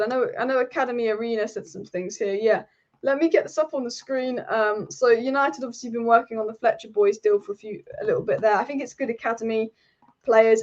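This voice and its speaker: A woman's voice: fairly high pitch, a little mellow. A young woman hosting a casual football live stream, chatty and repeating herself with frequent ums. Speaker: football channel host. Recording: slightly dull lo-fi sound.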